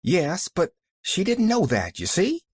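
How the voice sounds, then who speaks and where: Reader doing a fretful country maid, raised pitch, lively dialect. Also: a little slow, husky, no echo, clean studio sound, full character voice. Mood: fond. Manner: folksy rural dialect, exclaiming. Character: flustered, kindly young servant woman.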